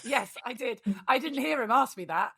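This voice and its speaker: A woman hosting a podcast in casual chat, lively and teasing. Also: sits high, gravelly, breathy edge. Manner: lively, teasing and quick to laugh. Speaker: podcast host.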